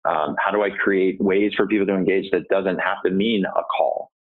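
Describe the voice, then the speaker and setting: Guy coaching on sales, low husky voice, asks himself questions n answers em. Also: steady tone, normal speed. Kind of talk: podcast interview answers. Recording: tinny phone-like line.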